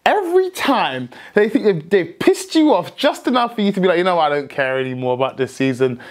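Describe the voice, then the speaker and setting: Young guy ranting about footy, kinda high voice, tripping over his words. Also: brisk. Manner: excitable, rambling, frequent restarts, shouts in joy. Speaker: football fan channel host. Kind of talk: excitable football reaction vlog.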